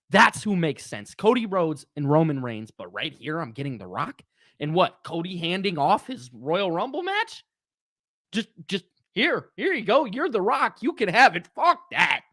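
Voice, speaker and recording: A man rants hotly on his own livestream, swearing freely as he vents. His pitch swings widely from low grumbles to sharp highs. The sound is close and dry, with no room in it. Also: dry recording. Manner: heated, profane ranting. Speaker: channel host. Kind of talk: livestream wrestling talk.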